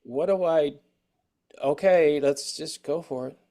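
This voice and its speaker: A man hosting a casual interview, chatty and quick with eager agreement. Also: a little high, mellow. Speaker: podcast host.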